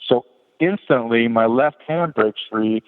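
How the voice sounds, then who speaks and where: Speaking unhurriedly in a medium pitch, a middle-aged man shares a personal story as an interview guest on a podcast. He rambles candidly and restarts often, and the tinny phone line has long reverb.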